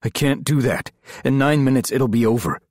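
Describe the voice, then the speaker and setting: Guy playing a stern ex-priest mentor, firm and urgent, low husky voice. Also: moderate pace, no room sound, clean studio sound. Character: former priest, tense protective mentor.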